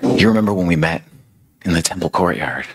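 A man's voice: low-pitched, fairly quick, husky. A man voicing a loving, overjoyed male savior who speaks tenderly and reassuringly.

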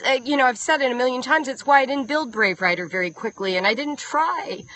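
High, bright-voiced woman giving an earnest talk. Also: dry recording, rough recording. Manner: earnest, emotional, repeats key lines for emphasis. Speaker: homeschool writing coach. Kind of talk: live-streamed motivational talk. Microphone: phone close up.

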